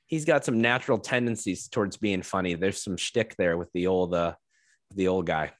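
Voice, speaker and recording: A man's voice: low-pitched, moderate pace, no echo, clean studio sound. A man who does comedy, chatting easily as a guest on an interview podcast. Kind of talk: casual interview chat.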